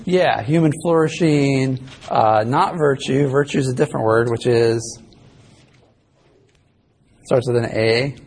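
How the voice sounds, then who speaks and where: A man's voice: mid-range voice, a little slow, vocal fry, pauses often, a little mellow, breathy edge. A male ethics instructor giving a casual, rambling classroom lecture that he records live as a podcast. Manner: casual, rambling, self-correcting.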